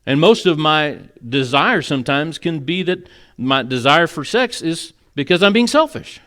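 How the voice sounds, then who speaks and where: A man's voice: fairly high pitch, lively intonation, normal speed, hardly any pauses, fairly bright tone. A male pastor preaching an earnest, conversational sermon in a church, with moments of emotion. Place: church sanctuary.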